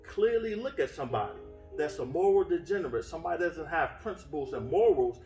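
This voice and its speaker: This sermon comes from a man whose voice is on the high side, animated, quick, and a little mellow. Earnest in his teaching, he restarts phrases often and uses fillers, sounding distant in a roomy space with faint music and echo.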